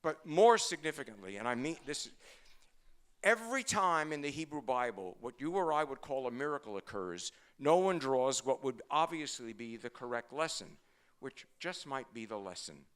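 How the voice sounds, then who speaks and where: An older man, a rabbi giving a humorous sermon, talking fast and telling stories with jokes. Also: medium pitch, clear, resonant tone. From Brooklyn, New York. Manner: fast-talking, joking, animated storytelling.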